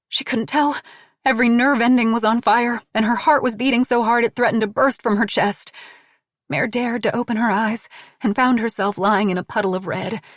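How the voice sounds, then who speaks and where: A woman's voice: medium pitch, dry recording. A woman narrating an audiobook in a dramatic, tense storytelling manner on a close studio mic.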